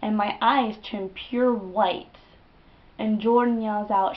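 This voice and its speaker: A woman's voice: medium pitch, slow. A young woman talks straight to her camera, swearing freely and acting out the tale. Her voice sits in a mid range, and the webcam audio is slightly dull and muffled. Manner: animated and profane, with dramatic quoted outbursts. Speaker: vlogger. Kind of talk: casual storytelling to camera.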